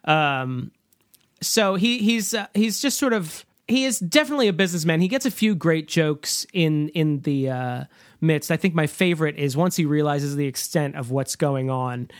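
A podcast co-host in casual movie review chat, talking with many fillers and restarts and slipping into quick mock voices when quoting. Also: mid-range voice, animated, dry recording, clean studio sound. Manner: chatty, lots of fillers and restarts.

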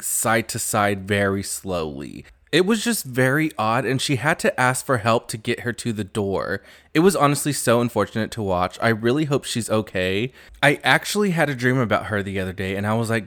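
Young male gossip podcaster, sassy and campy, mid-pitched, close podcast mic. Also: fairly bright tone. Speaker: podcast host. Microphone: new podcast mic.

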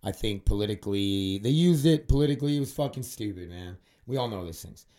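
A man's voice: on the low side, lively intonation, brisk, dark tone. A man hosting a solo podcast monologue, rambling and swearing freely, with frequent fillers like "uh" and "dude". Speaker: podcast host.

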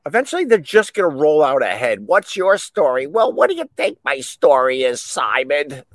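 A man's voice: mid-range voice, no echo. A middle-aged man hosting a podcast, telling stories in a rambling, joking, casual way. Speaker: podcast host. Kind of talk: casual solo chat.

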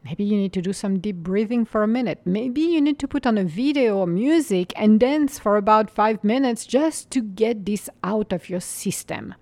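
A woman giving a calm, reflective spiritual monologue, unhurried and sometimes dropping into a soft whisper, with light laughs as she tells stories. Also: mid-range voice, no room sound. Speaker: mindfulness speaker.

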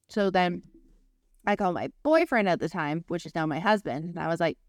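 A young woman co-hosting a casual podcast, telling a story with lively, swearing asides and acted-out quotes. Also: lowish voice, fast talker, no room sound, clean studio sound. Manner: lively, swears freely, acts out quoted voices. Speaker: podcast co-host.

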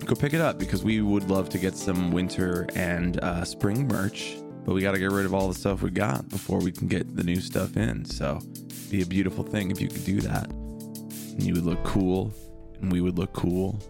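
Joking male podcast host, lowish voice. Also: steady tone, normal speed, creaky, music in the background. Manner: joking, laughs a lot, playful. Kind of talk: casual chat and ad read.

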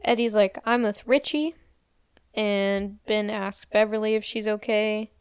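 A podcast co-host, a young woman, recaps a movie casually, retelling its scenes, quoting characters, and saying "like" often. She speaks a little slowly in a smooth, mid-range voice with fairly even intonation. Clean studio sound, with no room sound.

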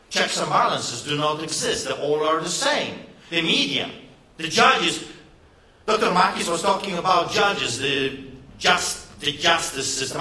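Speaking at a political rally, a man delivers a passionate, emphatic address laced with sarcasm. His tone is bright, forceful and a little high-pitched. The sound reverberates around the large, echoey event hall.

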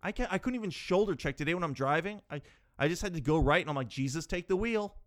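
A fairly bright, high-pitched voice belongs to this thirty-year-old solo podcast host, who is animated and fast. Speaking into a podcast microphone, he wanders off on tangents and mocks himself, his exasperation building.

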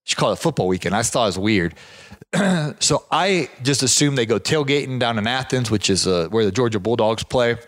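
A man's voice: mid-range voice, brisk. A man who runs a property management business, telling a long, rambling anecdote in a casual conversation. He strings it out with fillers and restarts, and his voice jumps up when he quotes other people. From southeastern United States. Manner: animated when quoting others.

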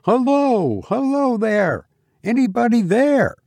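A man reading a ghost story aloud, voicing a brash, cheerful young man who calls out loud and breezy. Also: high voice, animated, measured pace, no echo, studio quality, pitched above the performer's own voice.

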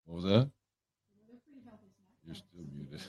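A man's voice: sits low, expressive, slow pace, warm tone, breathy edge. A man hosting a livestream, chatting casually and joking as he greets viewers by name. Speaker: livestream host. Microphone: headphones on a livestream setup.

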